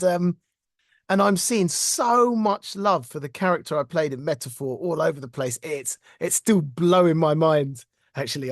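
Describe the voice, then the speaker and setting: A middle-aged British man, a voice actor, telling stories in a casual interview with animated, self-deprecating warmth and frequent laughs. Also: fairly high pitch, dry recording, clean studio sound. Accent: British English. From Britain. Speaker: voice actor guest.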